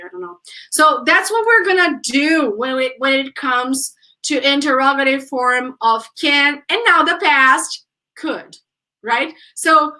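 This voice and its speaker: Woman English teacher, high pitch, slow unhurried lively delivery. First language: Portuguese. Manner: lively, chatty, acts out exasperated example questions. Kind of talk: online English grammar lesson.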